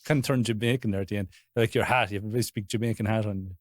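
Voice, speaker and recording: A man's voice: lowish voice, fairly even intonation, racing, no echo, clean studio sound. An Irish man co-hosting a podcast, chatting casually and cutting in with short jokes. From Ireland. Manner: short joking interjections. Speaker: podcast co-host. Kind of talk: casual chat.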